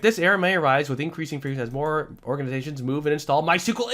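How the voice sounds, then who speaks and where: A man teaching programming in a screen-recorded tutorial voice-over, talking in an excitable, emphatic, ranting way and sounding slightly sick. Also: fairly high pitch, fast, hardly any pauses. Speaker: programming instructor.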